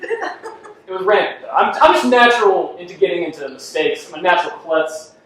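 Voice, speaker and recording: A man's voice: sits high, sing-song, normal speed, fairly bright tone. A man performing a self-deprecating stand-up comedy set, laughing at his own jokes on a club stage. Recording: echoey club from far off with faint noise.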